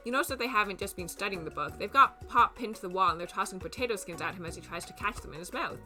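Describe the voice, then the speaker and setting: A woman's voice: lowish voice, fast, few pauses, pushed and bright, soft background music. A young woman streamer reading a dating game's text aloud, adding playful, wry asides.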